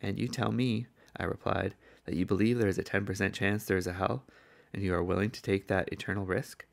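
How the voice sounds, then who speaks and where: A man's voice: sits low, steady tone, a little fast, vocal fry. An older man from the States, preaching a sermon in an earnest storytelling manner. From southern United States. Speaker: evangelist preacher.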